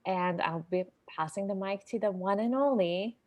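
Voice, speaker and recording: Relaxed woman host opening a livestream. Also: mid-range voice, moderate pace. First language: not English. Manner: warm, relaxed and chatty, with many ums. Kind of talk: welcoming announcements on a livestream.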